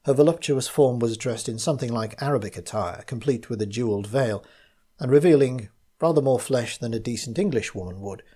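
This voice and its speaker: A man reading his own gothic mystery story aloud, in measured first-person narration. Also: medium pitch, warm tone, breathy edge.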